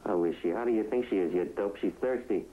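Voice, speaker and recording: A man's voice: fairly low pitch, quick pace, a little hiss or hum, lightly acted. An actor playing a brash man who teases people. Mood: teasing. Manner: brash, teasing. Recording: tinny old TV soundtrack.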